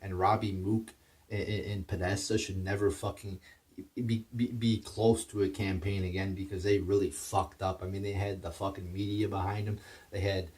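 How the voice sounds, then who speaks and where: A man's voice: deep voice, little pitch movement, normal speed, a little mellow, distant mic. A man delivering a heated, profane political rant, stumbling over his words and restarting as he goes. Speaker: political commentator.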